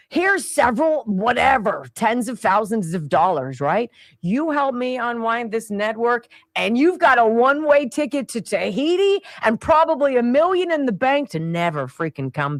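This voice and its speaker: Animated woman talk radio host. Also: medium pitch, dry recording. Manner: animated and sarcastic, putting on quick voices for quoted people. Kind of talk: opinionated talk radio monologue.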